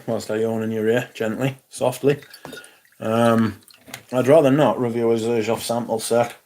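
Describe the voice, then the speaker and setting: A man hosting a livestream, reading viewer comments aloud in a sardonic, sweary casual chat. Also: mid-range voice.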